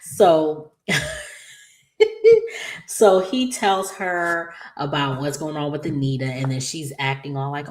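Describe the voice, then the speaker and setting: A woman recapping a daytime soap episode in a chatty, animated way, acting out the characters' lines with playful asides and laughter. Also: low-pitched, a little slow. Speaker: soap opera recap host. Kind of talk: casual recap vlog.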